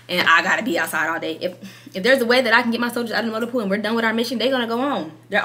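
A woman army sergeant talking casually and bluntly to camera, full of slang and rhetorical questions. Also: fairly low pitch. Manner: blunt, animated, slangy and frank; asks many rhetorical questions.

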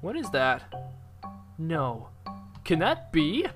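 A man giving casual, excitable commentary while playing a video game, chatty and quick to exclaim. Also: fairly high pitch, over music. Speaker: gamer.

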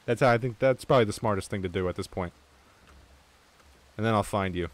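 A young man streaming an online game with viewers, chatting casually, swearing freely and getting excited. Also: lowish voice, brisk. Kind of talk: casual gaming chat.

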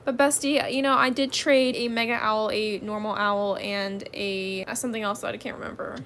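A woman's voice: mid-range voice, steady tone, normal speed, fairly bright tone. A woman hosting a gaming channel in casual chat, calling her viewers y'all and bestie. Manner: chatty, keeps addressing viewers as y'all and bestie.

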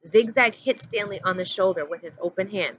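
A woman teacher reading a chapter book aloud in a steady, plain narrating voice. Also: medium pitch, fairly quick. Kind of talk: storybook read-aloud. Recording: dull lo-fi audio with faint hum.

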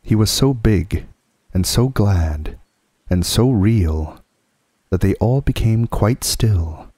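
Calm male storyteller, deep and unhurried, on a dry close recording. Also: breathy edge, no echo. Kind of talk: bedtime story reading.

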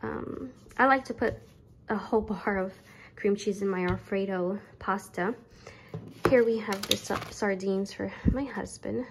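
A woman's voice: mid-range voice, a little slow, gravelly, slight background noise, poor audio. A young woman chatting casually through her grocery haul at home, a little out of breath, with many fillers. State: pregnant, slightly out of breath. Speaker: vlogger.

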